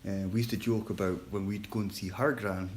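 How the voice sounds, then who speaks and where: A man on a live stream, chatting casually and quietly to viewers during a break from his shift, rambling and poking fun at himself. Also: fairly low pitch, steady tone, brisk, a little hiss or hum, low-quality recording. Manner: rambling, chatty, self-deprecating; talking quietly. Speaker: livestreamer on a work break.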